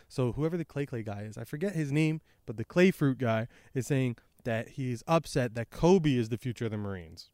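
A man's voice: mid-range voice, animated, normal speed, hardly any pauses, darkish tone, no echo, studio quality. A young man hosting a podcast, recapping a comic chapter in a rambling, laid-back way with lots of fillers, recorded outdoors by a creek on a microphone exposed to wind. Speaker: podcast host. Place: outdoors by a creek and tree line. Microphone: handheld microphone exposed to wind.

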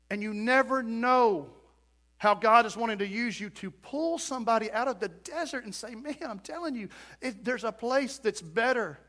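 A man preaches a folksy sermon in church. His voice sits high and sounds bright and forceful. He trades joking asides with the congregation as he goes. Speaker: pastor.

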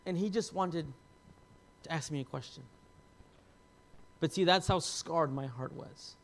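Pastor guy in his 30s telling his story, bit high voice, gets quiet then loud, real emotional. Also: moderate pace, pauses often. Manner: emotional, confessional storytelling, swings from hushed to loud. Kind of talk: personal testimony sermon.

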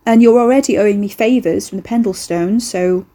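A woman's voice: mid-range voice, a little fast, mellow, natural voice. A woman voicing an anxious, exasperated young woman in an audiobook. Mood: wary. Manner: exasperated, groaning.

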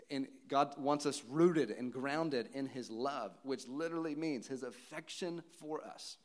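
A man in his thirties preaching to a church congregation in a medium-pitched voice. He is animated and laughs often, then drops to soft, almost whispered lows. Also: slow. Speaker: pastor. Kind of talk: sermon.

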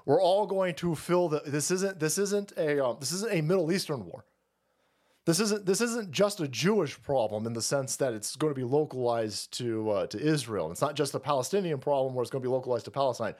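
A man's voice: on the high side, a little mellow. Profane man ranting on a livestream. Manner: profane, fast rambling rant. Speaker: streamer host.

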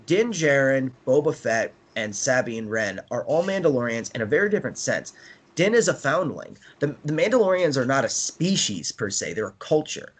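A man's voice: mid-range voice, sing-song, normal speed, husky. A man in casual chat, rambling with many fillers and restarts and laughing often as he talks. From United States. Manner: laughs often while talking.

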